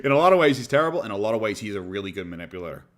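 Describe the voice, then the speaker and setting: An Irish man reacting on a livestream, his voice bouncing up and down in lively sarcasm. He talks casually, swears freely and mocks what he hears. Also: lowish voice, rapid-fire. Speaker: streamer. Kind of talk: casual reaction stream commentary.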